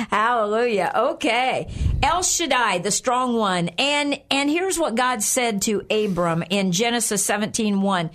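A woman's voice: fairly high pitch, lively intonation, unhurried, a bit bright. An older woman co-hosting a Christian program, giving a chatty Bible teaching with frequent laughs and check-ins.

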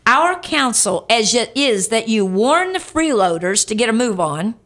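Lively woman pastor preaching. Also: a little high, measured pace. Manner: lively, emphatic, with rhetorical questions to the congregation. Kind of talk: preaching a sermon.

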